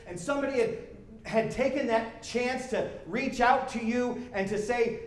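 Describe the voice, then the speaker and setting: A man pastor preaching a sermon in a church, conversational and animated, repeating himself as he builds. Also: very high voice, moderate pace, roomy sound. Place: church sanctuary.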